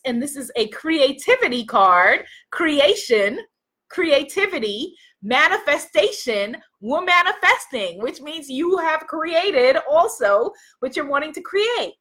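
A high-pitched woman with a bright, forceful voice hosts a casual live stream. She reads oracle cards and greets each viewer by name in an effusive, chatty way.

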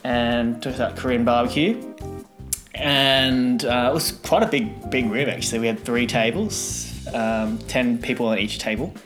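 Casual male podcast co-host, mid-pitched, laughing storyteller. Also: normal speed, over music. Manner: animated, laughing while telling anecdotes.

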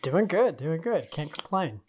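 A man who is a guest on a podcast, talking in an easygoing, relaxed casual chat. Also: on the high side, measured pace, slight background noise. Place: at home in Dallas, remote call.

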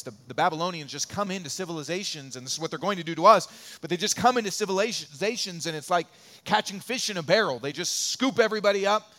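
A man preaching a sermon as pastor, animated, acting out questions and dialogue with rising intensity. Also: sits high, a little fast.

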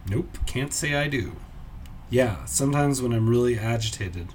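Male podcast host, mid-pitched, deadpan self-mockery, trailing muttered asides, faint background noise. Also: normal speed. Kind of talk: solo comedy podcast, casual musing.

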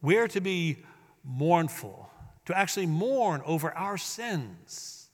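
A man preaching a sermon as pastor, swinging between hushed, drawn-out words and loud, emphatic bursts. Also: on the high side, very animated. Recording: long hall reverb.

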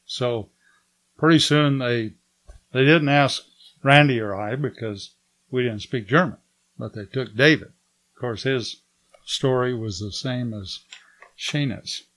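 An older man shares a personal testimony as an animated storyteller. He talks at a middle pitch and slips into other people's lines as he recounts events. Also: slow pace, pauses often. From United States. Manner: lively storyteller who acts out the dialogue. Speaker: guest giving a testimony.

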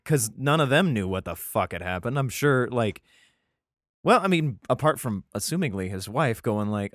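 A man's voice: on the low side, expressive, normal speed, a bit bright, no room sound, clean studio sound. Profane, rambling male podcast host. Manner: profane, rambling, exasperated asides. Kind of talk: casual Bible reading podcast.

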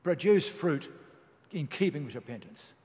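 Emphatic preacher in an echoing hall. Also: male voice, on the high side, very animated, warm tone. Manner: measured, emphatic reading of scripture. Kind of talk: sermon. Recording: long reverb of a large hall.

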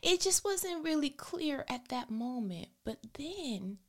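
A mother telling a story to her listeners in a casual, animated way, often dropping into a whisper. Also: high-pitched, takes it slowly. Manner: animated, expressive, talks directly to listeners.

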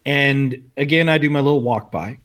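A man in relaxed conversation, spinning a crude anecdote with plenty of swearing and easy laughter. His voice sits at an ordinary middle pitch, and his delivery is loose and unhurried. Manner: profane, laid-back storytelling with laughs. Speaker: podcast co-host telling a story. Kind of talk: casual chat.

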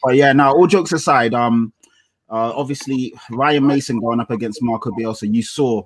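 A man's voice: medium pitch, moderate pace, slight background noise. A man talking football in a casual podcast discussion, blunt and exasperated. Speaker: football pundit.

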